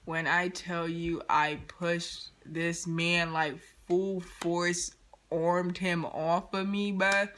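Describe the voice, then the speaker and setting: A woman vlogger telling a story in an animated, slangy, dramatic way. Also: lowish voice, drawn-out words. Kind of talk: storytime vlog.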